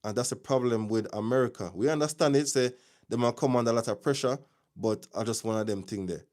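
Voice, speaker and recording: A man's voice: medium pitch, quick pace. Jamaican man hosting a live news stream. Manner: chatty, addresses viewers, gives shout-outs, opinionated. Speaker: livestream news host. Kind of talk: casual live news commentary.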